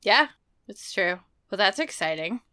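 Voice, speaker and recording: A woman in her forties co-hosts a podcast in a casual, playful chat. Her voice is bright and clear and a little high, and her pitch jumps around freely as she talks. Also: unhurried. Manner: animated, playful, slips into silly voices for stories. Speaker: podcast co-host. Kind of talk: casual chat about books and daily life.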